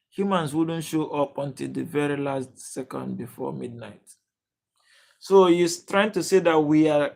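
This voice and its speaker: A young man hosts a casual livestream, reading out viewers' names and answering their comments as they come. His voice sits a little high for a man, and he talks haltingly, full of fillers and restarted sentences. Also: vocal fry. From Nigeria. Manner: halting, many fillers and restarts, addresses chat viewers by name. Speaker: livestream host.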